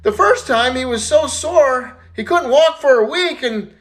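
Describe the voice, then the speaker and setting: A man's voice: very high voice, lively intonation, a little slow, a bit bright, pitched above the performer's own voice, exaggerated voice. A man voicing a naive, gossipy minister's wife in a joke. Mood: confiding.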